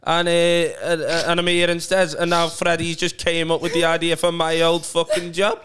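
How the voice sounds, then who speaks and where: A man from Liverpool with a Scouse accent, a comedian on a podcast, telling stories in deadpan casual banter with casual swearing. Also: a little high, moderate pace, a little hiss or hum.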